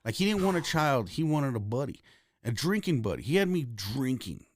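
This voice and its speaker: A man in his forties, a comedian guest in casual podcast chat, swearing freely and acting out scenes in loud bursts. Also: medium pitch, fairly quick, no echo, studio quality. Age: 40s. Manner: profane, animated, acts out characters in loud bursts. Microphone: studio mic.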